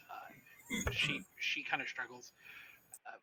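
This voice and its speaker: A man narrating as game master of a tabletop horror game, relaxed and descriptive with frequent hesitations. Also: mid-range voice, a little slow, low-quality recording.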